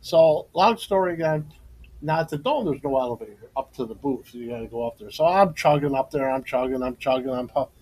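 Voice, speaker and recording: Man, middle-aged, podcast storyteller, laughs a lot, medium pitch. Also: expressive, a little fast, a little mellow, low-quality recording. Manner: storytelling, laughs often, emotional tribute. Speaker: co-host and former coach. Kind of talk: casual podcast chat.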